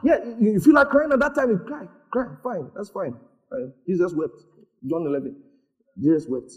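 A man's voice: high voice, normal speed. A man preaching a sermon, calling for responses and laughing often. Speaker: pastor.

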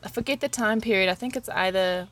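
A woman's voice: medium pitch, fast talker, a bit bright. A woman co-hosting a podcast in casual chat, rambling and laughing often. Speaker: podcast co-host.

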